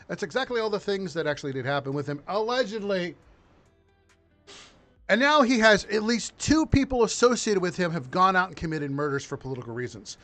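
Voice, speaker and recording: A man hosting a political commentary podcast from his home studio, riffing in a mocking, crude, animated way. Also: high-pitched, a little fast. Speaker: podcast host.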